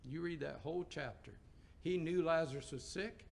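Gravelly-voiced preacher, folksy sermon. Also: male voice, a little high, moderate pace. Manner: folksy, conversational storytelling with emphatic rises.

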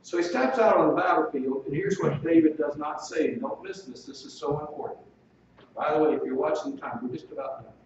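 A man's voice: a little high, brisk, a little hiss or hum. A male pastor preaching a sermon in an emphatic, folksy manner, heard from a distance in a church. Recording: echoey, dull, distant room recording.

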